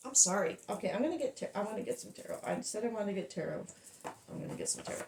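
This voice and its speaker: A woman's voice: medium pitch, animated, fast, darkish tone, roomy sound. A woman giving a tarot reading, breathless and stumbling over her words, swearing and apologizing. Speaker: tarot reader.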